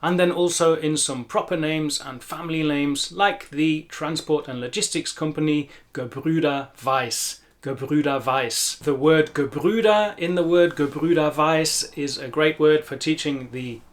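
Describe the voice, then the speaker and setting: A man's voice: fairly high pitch, a little slow, few pauses. A British man with a British English accent giving a pronunciation lesson, carefully repeating words to demonstrate each sound. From Britain. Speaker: language teacher.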